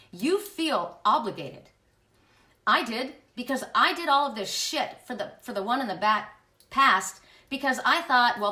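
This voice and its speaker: A woman with a high, bright voice recounts a painful relationship in candid, emphatic terms, stumbling over restarts and swearing freely. Her voice rings in an echoey room. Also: distant mic. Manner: emphatic, confiding, with frequent restarts and profanity. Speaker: spiritual channel host. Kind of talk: candid personal storytelling.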